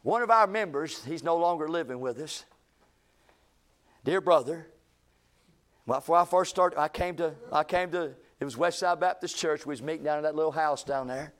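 A man's voice: a little high, normal speed, fairly bright tone. A male pastor, telling a folksy story in a sermon to his church, with emphatic rises in his voice. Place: church sanctuary.

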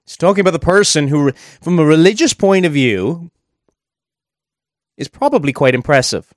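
A man's voice: a little high, expressive, normal speed, dry recording. Conversational male preacher, dry sound. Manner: conversational, thinking aloud with asides. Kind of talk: sermon.

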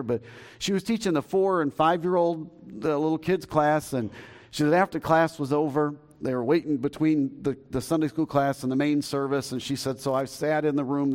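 A man's voice: medium pitch, darkish tone. A man in his fifties preaching a sermon as pastor in a church, telling stories in a folksy, joking way with many restarts. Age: 50s. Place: church sanctuary.

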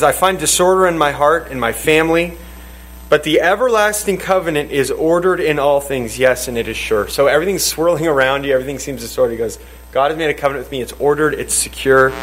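A man's voice: mid-range voice, fairly bright tone, rough recording. A man leading a church Bible study. He teaches in a rambling way, restarts his sentences often and quotes scripture. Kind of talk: teaching and leading group discussion.

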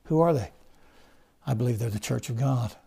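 A man preaching a sermon, rising to loud fervent emphasis and then dropping to low, quiet stresses. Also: moderate pace, gravelly, breathy edge. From United States.

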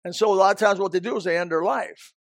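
A man's voice: high-pitched, fast talker, gravelly, no echo. A man preaching a sermon as a pastor, emphatic and repetitive, often restarting his sentences.

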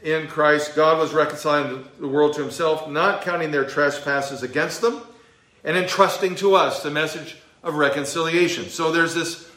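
A man's voice: fairly high pitch, fairly even intonation, normal speed, fairly bright tone, roomy sound. A male pastor teaching a verse-by-verse sermon, emphatic, with a few fillers. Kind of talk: expository sermon.

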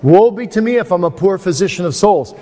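A man's voice: high voice, expressive, a little fast, dark tone. A man giving a conversational, anecdotal teaching sermon at a seminar, speaking with a self-deprecating manner. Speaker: preacher at a seminar. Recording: long hall reverb.

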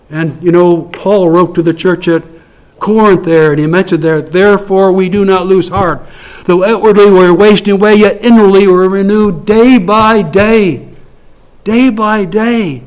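A man preaching a sermon with a slightly high voice. He is earnest and leans on repetition, drawing key phrases out slowly. He drops to soft, low passages and then lifts to louder lines.

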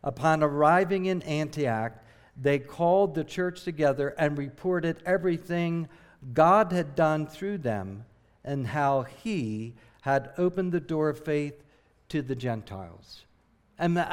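Earnest missionary preacher from southern New Jersey. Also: male voice, on the high side. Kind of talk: sermon.

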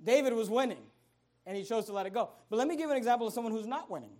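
Male pastor, middle-aged, chatty sermon storyteller who builds to shouted emphasis. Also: extremely high pitch, animated, racing. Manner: conversational storytelling, building to loud emphatic peaks.

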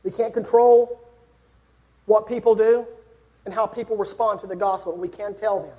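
A man's voice: high-pitched, level tone, normal speed, highs cut off. A young man preaching a sermon, earnest and building to fervent exhortation.

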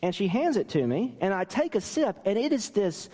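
A man's voice: sits high, big pitch swings, moderate pace, dark tone, long reverb tail. A man, a pastor, preaching a sermon and telling stories with self-deprecating humor.

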